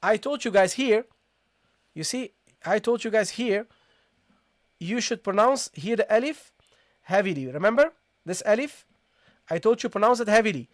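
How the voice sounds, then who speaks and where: In a live-streamed online lesson, a recitation teacher with a medium-pitched, animated voice explains things step by step. He checks understanding with a frequent "okay?" and slowly sounds out letters to demonstrate. The sound is clean studio quality with no echo.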